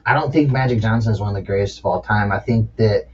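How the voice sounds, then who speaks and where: A man's voice: on the low side, fast, darkish tone, slightly rough. A man hosting a casual podcast chat, speaking loosely with swearing and frequent laughter. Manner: casual, profane, laughs often. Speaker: podcast host. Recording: dull lo-fi sound.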